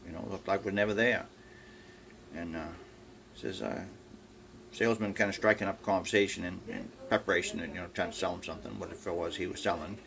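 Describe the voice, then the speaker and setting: A man's voice: deep voice, steady tone, fast, creaky, a bit bright. An older man telling folksy farm jokes at home, rambling with lots of fillers and acting out the characters. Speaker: joke teller. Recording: faint background noise.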